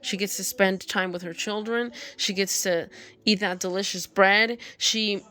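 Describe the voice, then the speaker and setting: A woman's voice: medium pitch, fairly even intonation, unhurried, sharp tone. A woman reading a picture book aloud, stopping often to comment on it and scold the characters. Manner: talks back to the story, scolding the animals. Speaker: storybook reader.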